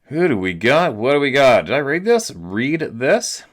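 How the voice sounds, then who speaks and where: A man's voice: medium pitch, very animated, a little slow. A man hosting a show, telling stories at home in a loose, laid-back way, swearing freely and laughing often. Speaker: host. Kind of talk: casual chat. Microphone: laptop camera.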